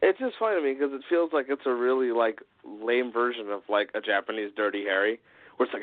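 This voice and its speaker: A man co-hosting a podcast in casual chat, joking and animated. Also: mid-range voice, brisk, no room sound, phone-quality sound. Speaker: podcast co-host.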